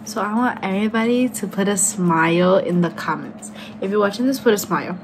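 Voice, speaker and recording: Against a noisy background, a tipsy young beauty vlogger talks briskly at medium pitch. She rambles loosely and curses playfully while chatting her way through a makeup tutorial.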